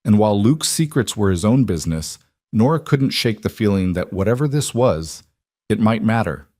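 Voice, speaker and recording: A man narrating a scripted Western story in a steady, measured way. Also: fairly low pitch, dry recording, clean studio sound.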